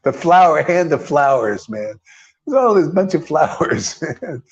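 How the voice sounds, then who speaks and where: A man preaching to a small group in a loose, emphatic way, often calling his listeners "man" and throwing in blunt, mocking swears. His voice sits a little high for a man. The recording sounds dull and lo-fi. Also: big pitch swings, a little slow. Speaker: spiritual teacher.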